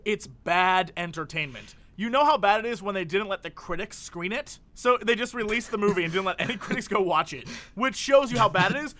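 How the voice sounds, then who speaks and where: A man's voice: high voice, lively intonation, brisk, few pauses, pushed and bright. A man co-hosting a casual comedic show, rambling and joking, often laughing. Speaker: co-host. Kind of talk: casual comedic podcast chat.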